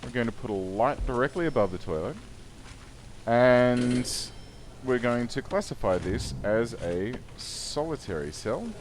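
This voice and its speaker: A man's voice: medium pitch, expressive, a little slow, a little hiss or hum. Wry man narrating a game. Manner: wry, chatty, self-correcting. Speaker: gaming YouTuber. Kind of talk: let's play commentary.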